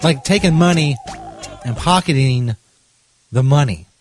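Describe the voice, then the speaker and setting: Male comedy podcast host, mid-pitched, profane and exasperated, with faint music underneath. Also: lively intonation, a little slow. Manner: profane, exasperated, loud outbursts.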